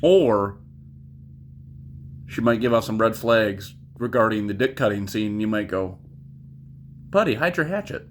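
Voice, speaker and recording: A man's voice: lowish voice, measured pace, long pauses, slight background noise. A young man giving a casual spoken movie review, rambling, swearing freely and drifting off on tangents. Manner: rambling, profane, goes off on tangents.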